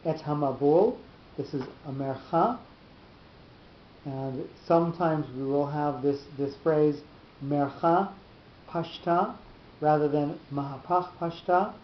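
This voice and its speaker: A man teaching a Torah class in a deliberate, halting explanatory lecture, often restarting his phrases. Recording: roomy, dull lo-fi recording with faint rumble.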